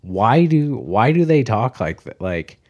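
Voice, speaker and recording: A man's voice: mid-range voice, very animated, a little slow, a little mellow, no room sound, dull audio. A man from Kansas with a slight Kansas accent, a guest brewer chatting loosely on a podcast and swearing freely. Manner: loose, swears freely, jumps between thoughts. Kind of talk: casual podcast chat.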